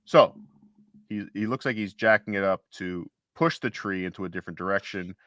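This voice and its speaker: A man's voice: low voice, brisk, a bit bright, no room sound, studio quality. A man co-hosting a casual livestream chat, rambling and joking with mock-indignant asides. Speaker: co-host.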